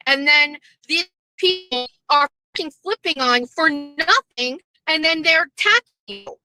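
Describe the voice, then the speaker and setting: A high-voiced woman vents to her audience from a parked car, blunt and full of profanity. Her tone is bright and sharp, and her talk rambles with restarts. The sound is close and dry. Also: lively intonation, measured pace, no echo, poor audio. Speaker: host. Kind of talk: candid venting monologue.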